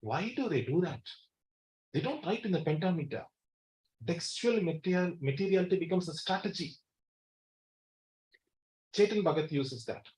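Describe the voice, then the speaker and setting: A man's voice: sits high, lively intonation, normal speed, pauses often, a little mellow. A man giving an academic lecture in a college seminar hall, emphatic and repeating key words. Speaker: guest lecturer.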